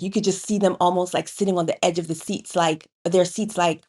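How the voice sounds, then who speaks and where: A woman educator co-hosting a casual chat, telling classroom stories and growing animated when she argues. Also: on the low side, fairly quick, hardly any pauses, husky. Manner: storytelling, grows animated and loud when arguing. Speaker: co-host and educator.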